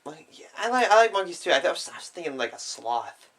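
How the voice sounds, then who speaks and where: A man's voice: high voice, sing-song, fast talker, fairly bright tone. A young man co-hosting a podcast in casual chat, with dry, offhand quips. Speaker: podcast co-host.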